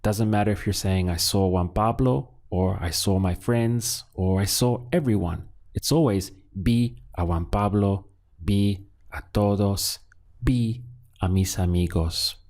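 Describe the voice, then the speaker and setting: A man teaching a Spanish lesson, patiently asking questions and pausing so learners can answer. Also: on the low side, darkish tone. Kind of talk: scripted language lesson.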